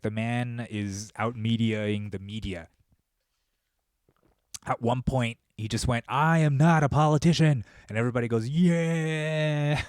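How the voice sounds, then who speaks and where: A man with a lowish voice delivers a loose, rambling podcast monologue, full of swearing and quick shifts into animated storytelling. The sound is close and dry, with no room around it. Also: dry recording. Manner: profane, rambling, animated storytelling with laughs and impressions. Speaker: podcast host. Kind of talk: casual monologue.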